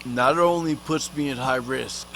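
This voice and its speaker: Guy ranting slow n profane, lots of slang, talks bout himself in third person. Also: medium pitch, creaky, fairly bright tone, a little hiss or hum. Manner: rambling, street slang, swears a lot. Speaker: vlogger. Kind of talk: profane comic rant.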